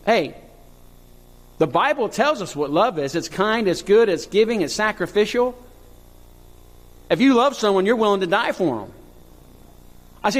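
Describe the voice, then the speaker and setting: A male pastor preaching a sermon, reading scripture and rising to impassioned high cries. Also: big pitch swings, moderate pace, pauses often. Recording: long hall reverb.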